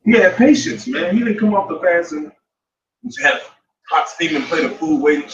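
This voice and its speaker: A man's voice: high-pitched, animated, normal speed, a bit bright. A man preaching in a loose, slangy and profane way, telling a personal story and laughing between points. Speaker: street preacher. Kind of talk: casual street sermon. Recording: dull, roomy, from far off.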